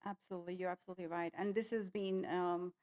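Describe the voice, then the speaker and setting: A woman's voice: fairly low pitch, steady tone, fast, a little mellow. A woman hosting a casual interview, quizzing her guest with upbeat, leading questions. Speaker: host.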